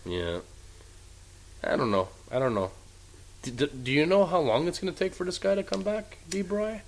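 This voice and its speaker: A man's voice: fairly high pitch, expressive, moderate pace, rough recording. A man co-hosting a casual wrestling podcast, swearing freely and ranting with heat. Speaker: podcast co-host.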